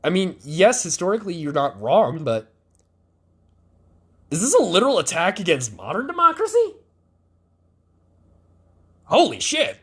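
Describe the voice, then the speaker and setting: A man's voice: sits high, huge pitch swings, a little slow, long pauses, fairly bright tone, breathy edge. A male podcast host giving sarcastic, profane political commentary.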